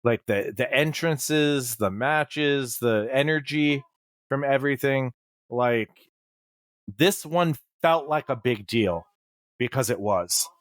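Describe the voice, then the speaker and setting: A man's voice: mid-range voice, slow pace, no echo, clean studio sound. A male podcast co-host chatting casually and a bit hesitantly.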